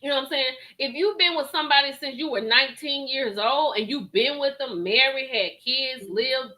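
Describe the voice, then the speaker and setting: A woman hosting a reaction video, giving animated commentary on a reality show, laughing and talking straight to her viewers. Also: sits high, moderate pace, poor audio.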